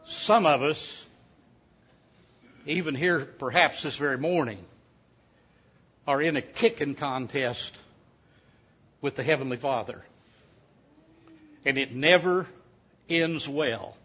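Folksy preacher telling a tale. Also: male voice, mid-range voice, slow pace, pauses often, sharp tone, slightly rough. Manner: folksy, joking storyteller. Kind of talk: sermon with a folksy story. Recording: dull lo-fi sound.

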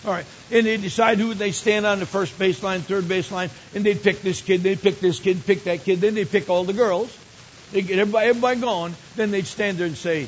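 An older man preaching a sermon, telling stories and rising to emphatic exclamations. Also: sits high. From Michigan. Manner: storytelling, builds to emphatic exclamations. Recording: dull lo-fi recording with faint hiss.

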